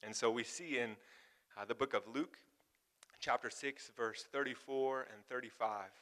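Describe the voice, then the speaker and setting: A man's voice: medium pitch, steady tone, normal speed, pushed and bright. A man preaching a sermon in a loose, casual way, often laughing and asking the congregation questions. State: warm and sweating from exertion. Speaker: pastor.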